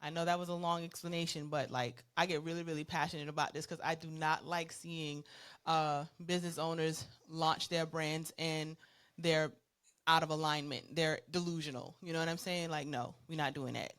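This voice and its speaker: A woman's voice: sits low, fairly even intonation, normal speed, a bit bright, clear, resonant tone. Passionate woman talking business branding. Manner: passionate, conversational, many fillers. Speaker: co-host. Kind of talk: business advice discussion.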